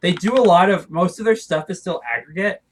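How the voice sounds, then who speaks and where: Young man, casual political chat, slightly higher voice, filler-heavy and quick, keyboard typing behind. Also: a little hiss or hum, poor audio. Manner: talks fast with many fillers and restarts. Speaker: podcast co-host.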